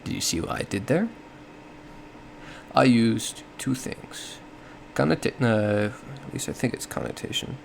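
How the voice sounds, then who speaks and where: A man's voice: medium pitch, big pitch swings, unhurried, gravelly, a little hiss or hum. A man giving a casual explanatory monologue, thinking aloud with frequent self-corrections and small laughs. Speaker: solo podcast host.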